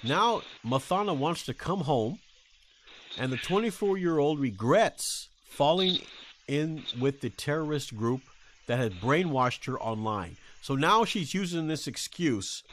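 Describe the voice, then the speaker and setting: Man, podcast host, halting talk with fillers, lively swinging pitch, faint background noise. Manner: halting, many fillers and restarts, crude jokes. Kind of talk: casual chat, reading a news story aloud.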